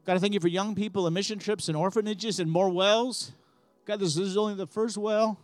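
High-voiced male preacher, fervent. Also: fairly even intonation, a little fast, dry recording, soft background music. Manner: impassioned, rising to fervent high-pitched preaching. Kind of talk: sermon with prayer.

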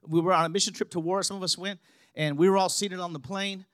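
A man preaching a sermon, telling stories and building to loud, emphatic passages. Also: sits high, steady tone, quick pace, smooth, dry recording, studio quality.

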